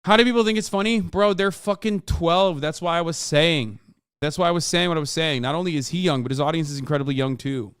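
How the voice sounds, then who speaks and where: Smooth-voiced man ranting on a live stream. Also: on the high side, quick pace, fairly bright tone, no room sound, studio quality. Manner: profane, emphatic ranting with many fillers. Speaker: streamer reacting to a clip. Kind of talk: casual live-stream commentary.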